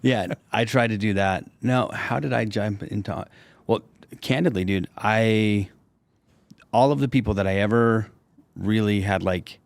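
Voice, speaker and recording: Laid-back man with a lowish voice. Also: unhurried, vocal fry, no room sound. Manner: laid-back, says "dude" and "like" a lot. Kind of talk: casual podcast chat.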